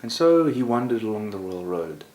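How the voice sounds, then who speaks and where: A man telling a story aloud in a relaxed, conversational way, often slipping in "sort of" as he goes. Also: lowish voice, moderate pace. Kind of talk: oral storytelling. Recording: roomy echo, faint background noise.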